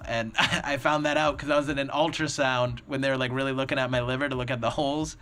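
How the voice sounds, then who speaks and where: A man's voice: mid-range voice, fairly even intonation, fast talker, a bit bright. A young man telling a story on a podcast, acting out the people in it with lots of laughter. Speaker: stand-up comedian guest.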